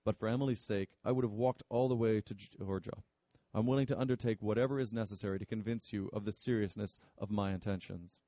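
A man reading as an earnest young farmer, polite and determined. His low voice sounds warm and mellow. The recording is dry with no room sound. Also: fairly even intonation, fast talker, no echo, muffled recording, natural voice.

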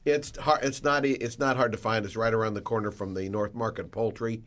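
Low-voiced male radio panelist. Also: fairly even intonation, fairly quick, a bit bright. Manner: conversational, descriptive.

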